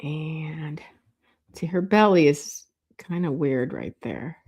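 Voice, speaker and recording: Slow, chatty woman teaching drawing. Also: deep voice, husky. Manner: thinks aloud while drawing, meandering and self-correcting; relaxed and chatty, with light laughs. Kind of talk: live drawing demonstration.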